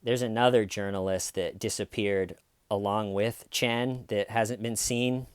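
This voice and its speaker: Man, casual true-crime monologue, indignant, filler-heavy, clear resonant tone. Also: lowish voice, fairly even intonation, unhurried, no room sound, studio quality. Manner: conversational, indignant, many fillers and restarts. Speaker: podcast host.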